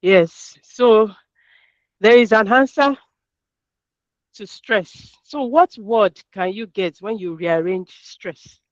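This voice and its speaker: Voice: medium pitch, no echo. Workshop presenter, conversational and affirming, stresses key words over a muffled, dry video-call mic. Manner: reads out audience answers and affirms them with quick "yeah"s. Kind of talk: interactive workshop talk. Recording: dull, dry, lo-fi call audio.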